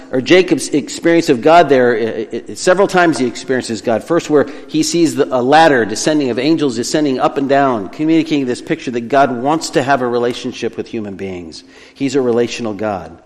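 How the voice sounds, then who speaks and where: A man's voice: mid-range voice, big-room sound. A male pastor preaching an earnest, emphatic sermon, now and then correcting himself as he teaches.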